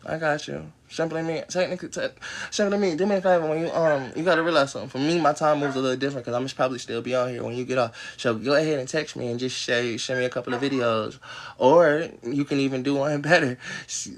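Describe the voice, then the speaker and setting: A man hosting a casual livestream from home, rambling and swearing, who now and then breaks off to yell at dogs near a porch. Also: mid-range voice, fairly even intonation, fast, a little hiss or hum. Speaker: livestream host.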